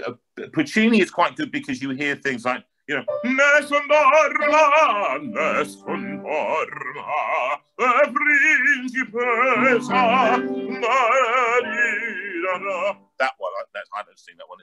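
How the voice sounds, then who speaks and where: A man with a North London accent, an opera singer telling stories in an interview with lively, animated delivery and frequent word repeats. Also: mid-range voice. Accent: North London English. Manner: lively, repeats words while building a point.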